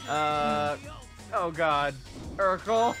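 A young man chatting while playing a video game, telling a rambling, animated story on a tangent. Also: on the high side, extremely slow. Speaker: gamer playing a speedrun race. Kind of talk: casual gaming chat. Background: game music.

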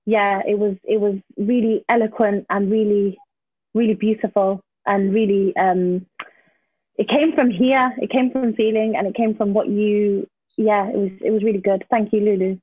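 A woman's voice: mid-range voice, fairly even intonation, normal speed, breathy edge, dry recording. A woman hosting a poetry event, effusive and gushing with praise, with plenty of fillers. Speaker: event host. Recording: dry, phone-like line.

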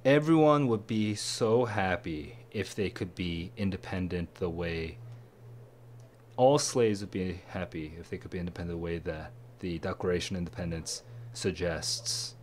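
A man's voice: normal speed, a little hiss or hum. Tired man thinking aloud. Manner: tired, musing, low-energy. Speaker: test prep tutor. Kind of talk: thinking aloud while reading.

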